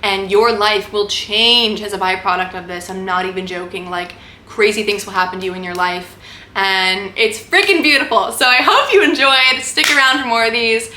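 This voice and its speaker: A young adult woman vlogs an impassioned spiritual monologue to camera, rambling fervently and saying "like" and "right?" constantly. Her medium-pitched voice has a sharp tone at a normal speed, in an echoey room with faint background noise.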